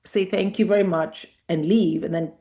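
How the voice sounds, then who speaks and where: Middle-aged woman comic, kinda low voice, telling stories and doing little voices for people. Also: moderate pace, creaky. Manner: animated anecdotes, acting out quoted voices. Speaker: comedian guest. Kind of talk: casual interview storytelling.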